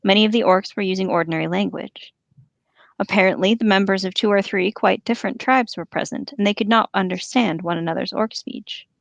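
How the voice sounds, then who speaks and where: A woman's voice: mid-range voice, fairly quick, gravelly, no echo, dull audio. A woman co-hosting a podcast, reading a novel aloud and chatting playfully about it. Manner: laughing, playful. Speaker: podcast co-host and reader.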